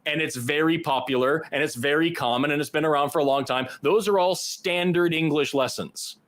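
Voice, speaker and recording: A man's voice: fairly high pitch, a little fast, a bit bright. Emphatic man co-hosting a call-in show. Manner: emphatic, argumentative. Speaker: co-host. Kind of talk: call-in debate.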